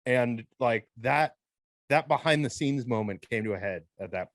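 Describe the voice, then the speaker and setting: Male co-host, mid pitch, dry close sound, relaxed and reflective. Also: normal speed, no room sound. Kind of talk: casual chat.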